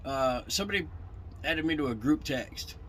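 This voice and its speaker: Angry profane truck driver. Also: male voice, fairly high pitch, animated, moderate pace, a bit bright, slight background noise, low-quality recording. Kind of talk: casual storytelling rant.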